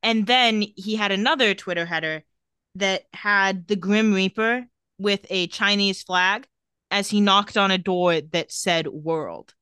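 Woman podcast co-host, casual wry recap; bright, smooth voice, dry close sound. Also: medium pitch, measured pace, dry recording. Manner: recounting tweets with wry commentary.

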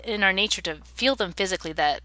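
A woman's voice: medium pitch, fast talker, pushed and bright, no room sound. A woman in her thirties, an interview guest, telling a personal story in an earnest, reflective way.

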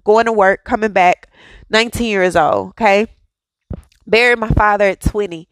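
A woman's voice: medium pitch, moderate pace, no echo, poor audio. Storytelling woman with a dry close sound. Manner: storytelling, conversational, emphatic "okay?" asides. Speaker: devotional podcast host. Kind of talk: personal testimony devotional.

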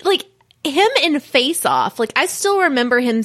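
A woman's voice: high-pitched, lively intonation, normal speed, a bit bright. A woman co-hosting a podcast in casual chat, trading playful, easily amused banter. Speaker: podcast co-host.

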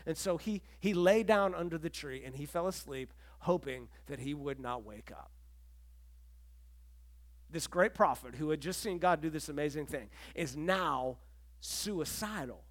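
A middle-aged man delivers a sermon from the pulpit in a relaxed, storytelling manner. His voice sits a little higher than most men's. He slips into the characters' lines as he retells the story. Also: measured pace. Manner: conversational storytelling, acts out quotes. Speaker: pastor.

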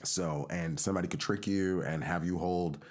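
A podcast co-host with a low voice tells a lively story at a moderate pace during casual chat. He's animated throughout and acts out the voices he quotes.

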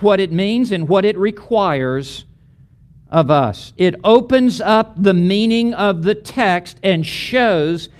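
A middle-aged man gives a preaching lecture in a high-pitched voice. He speaks slowly and deliberately, stacking emphatic, rhythmic lists of repeated phrases. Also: darkish tone. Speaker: seminary teacher of preaching.

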